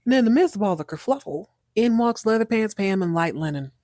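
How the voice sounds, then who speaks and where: An animated woman telling a soap opera recap in slangy, lively casual talk. Her voice sits at a middle pitch. The recording is dry and close, with no room sound. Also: a little fast, no room sound. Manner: animated, slangy, laughing storyteller. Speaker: podcast host.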